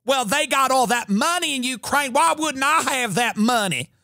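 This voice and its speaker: A comedian puts on a greedy old Southern politician who talks in a sassy, crude drawl. The voice sits high and swings widely, with a gravelly edge. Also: male voice, big pitch swings, moderate pace, fairly bright tone, dry recording, studio quality, exaggerated voice.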